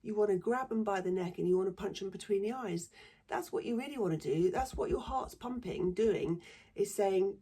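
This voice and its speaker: She talks a little fast in an expressive, mellow, mid-range voice with a slightly rough edge. A middle-aged woman from southern England with a southern English accent, she once taught secondary school and now swears freely and speaks bluntly in a casual monologue.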